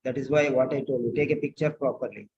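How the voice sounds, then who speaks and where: A man tutoring nursing students, correcting a written letter aloud, slow and repetitive, often asking pointed questions. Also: mid-range voice, darkish tone, highs cut off, a little hiss or hum.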